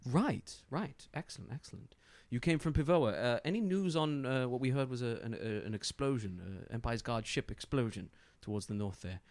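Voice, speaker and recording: A man voicing a brisk, formal female captain of a holy order in a tabletop game, asking clipped, polite questions. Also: medium pitch, a little mellow, voice pushed up, close to an everyday voice.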